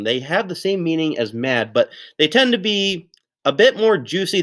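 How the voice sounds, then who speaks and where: A man's voice: a little high, fairly bright tone. Upbeat man teaching young kids. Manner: upbeat, encouraging, with playful exclamations. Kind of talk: recorded lesson for young children.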